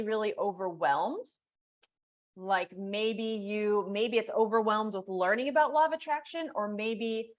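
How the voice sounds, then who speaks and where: A woman hosting a live coaching session, talking casually with lots of "like"s and reading viewer comments aloud. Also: medium pitch. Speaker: law of attraction coach and host. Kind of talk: live-streamed coaching talk.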